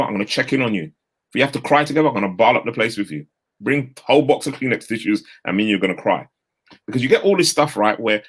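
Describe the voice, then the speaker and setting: A man, giving an energetic, straight-talking motivational talk over a video call. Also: medium pitch, quick pace, slightly rough. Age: 50s. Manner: energetic, straight-talking, uses London street slang. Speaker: guest speaker.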